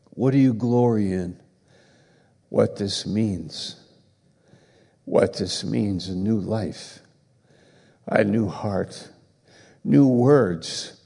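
A man preaching a sermon, slow and emphatic, building to forceful passages. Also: fairly low pitch, vocal fry, long reverb tail. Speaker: pastor.

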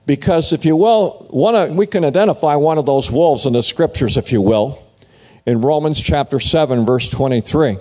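A man preaching a sermon in an animated way, often restarting phrases and repeating "if you will". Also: a little high.

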